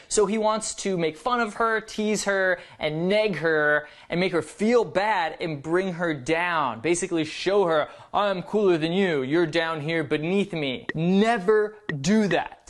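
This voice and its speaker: A man presenting a dating advice video, explaining steadily and acting out sample lines in playful voices. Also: sits high. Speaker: dating coach.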